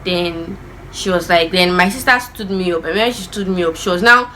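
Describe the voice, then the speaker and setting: A young woman tells a childhood story straight to camera. Her voice is bright and forward, and she talks in a lively way, slipping into the voices of the people she describes. It sounds like a casual storytime vlog. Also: lowish voice, moderate pace, slight background noise. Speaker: vlogger.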